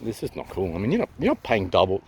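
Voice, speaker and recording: A man with an Australian accent ranting to his vlog camera while holding it, swearing and repeating himself, going from loud to hushed. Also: lowish voice, wildly swooping pitch, quick pace, slight background noise. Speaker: vlogger. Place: outdoors near a town. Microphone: handheld camera at arm's length.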